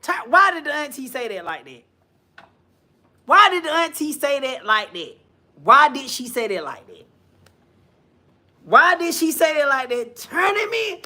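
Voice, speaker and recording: Sassy high-voiced man gossiping live. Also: sing-song, pushed and bright. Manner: sassy, swearing, drawn-out exclamations. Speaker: commentary streamer. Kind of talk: casual live-stream gossip commentary.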